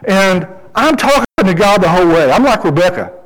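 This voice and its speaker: A middle-aged man preaching a sermon and telling a personal story, lively and animated, his voice jumping high as he quotes himself. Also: fairly quick, low-quality recording. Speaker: pastor.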